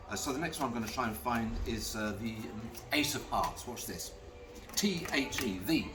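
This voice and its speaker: A man's voice: fairly low pitch, recorded from a distance, noisy background. A man, a magician talking through card tricks in a chatty storytelling way with dry, self-mocking asides. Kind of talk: patter while performing card tricks. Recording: voice from off the mic, music playing behind.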